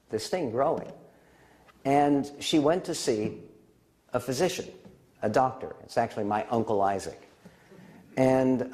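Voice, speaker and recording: Animated male storyteller giving a speech. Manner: animated, pitch leaps high when excited; warm family anecdote, with pauses and fillers. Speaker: public speaker and author.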